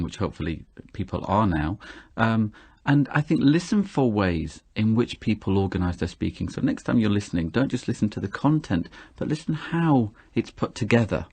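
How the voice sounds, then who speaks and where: A man with a British accent giving measured advice on speaking English in a radio conversation. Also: lowish voice, a little mellow, breathy edge. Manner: measured, advising. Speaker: English teaching guest expert.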